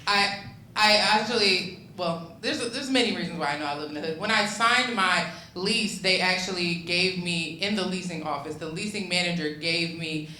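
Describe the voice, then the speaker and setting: A young woman works a comedy club stage in a loose, swearing, chatty stand-up voice full of ums and restarts. Her tone is bright and forward, and the club room rings around the handheld mic. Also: fairly low pitch, moderate pace, reverberant, slight background noise, rough recording. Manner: loose, profane and conversational, lots of ums and restarts.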